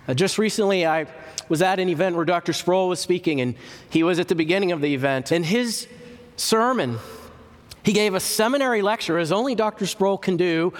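A man preaching a teaching sermon, slow and emphatic, repeating key words with long pauses. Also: high-pitched. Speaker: church historian and lecturer. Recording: reverberant hall recording.

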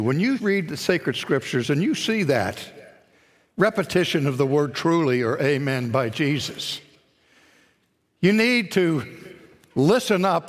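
A man preaching a sermon, deliberate and emphatic, rising to shouts on key words. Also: a little high, expressive. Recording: long reverb of a large hall.

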